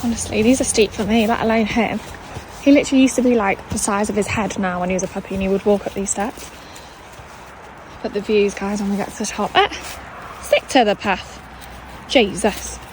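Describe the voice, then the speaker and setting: A woman's voice: a little fast, low-quality recording. Chatty woman vlogging outdoors. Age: late 20s. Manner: chatty and bubbly, high sing-song baby talk to her dog. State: slightly out of breath from climbing. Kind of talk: casual vlog chat. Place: outdoors on a cold winter hill walk. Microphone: phone held while walking. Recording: outdoor phone audio with clear background noise.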